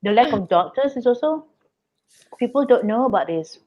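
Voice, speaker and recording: A woman hosting a casual chat, talking in a relaxed, frank, chatty way. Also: on the high side, moderate pace. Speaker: host. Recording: dull lo-fi sound.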